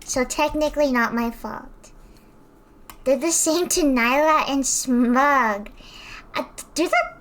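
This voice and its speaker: A woman's voice: high-pitched, big pitch swings, takes it slowly, fairly bright tone. A woman streamer chatting casually while she paints, rambling and self-deprecating.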